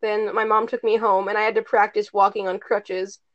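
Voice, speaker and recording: Here a teenage girl chats casually with friends, rambling through a story stuffed with "like" and a few swear words. Her medium-pitched voice moves little in pitch and keeps a normal speed, and the lo-fi audio is dull.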